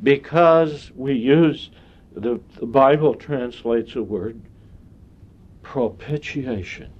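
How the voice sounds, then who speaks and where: A man preaching a sermon in a slow, deliberate way, with long pauses between phrases. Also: medium pitch, darkish tone. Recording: dull lo-fi sound.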